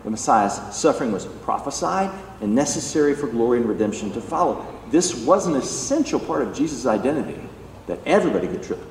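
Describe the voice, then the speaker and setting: A pastor preaching a sermon, emphatic and animated, acting out the lines he quotes. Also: mid-range voice, fast. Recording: echoey hall, distant mic, faint background noise.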